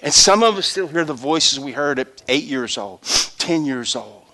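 A middle-aged man preaching a sermon, acting out voices and swinging from hushed asides to shouts. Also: fairly high pitch, expressive, normal speed. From Louisiana.

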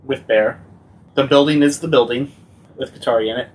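A man's voice: mid-range voice, fairly quick. Matter-of-fact man, off-mic. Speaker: player. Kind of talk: tabletop role-play chat. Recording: distant from the mic.

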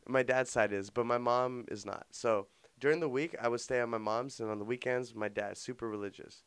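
A man on a podcast in casual chat, laid-back and slangy with quick asides. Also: mid-range voice, fairly even intonation, clean tone. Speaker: podcast co-host.

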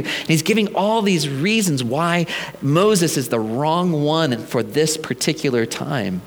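A man's voice: a little high, expressive, a little slow. A male pastor preaching a sermon in a conversational, storytelling way, with humorous asides.

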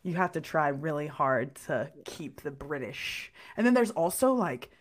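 Excitable young woman, slightly low-pitched. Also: a little slow. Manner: chatty and excitable, swears freely. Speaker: podcast co-host. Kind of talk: casual chat.

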